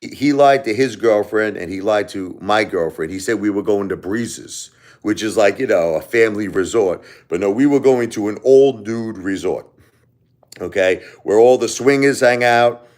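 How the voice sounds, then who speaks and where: A man's voice: lowish voice, moderate pace, darkish tone. A man hosting a live stream, telling a story in a casual, jokey, rambling way.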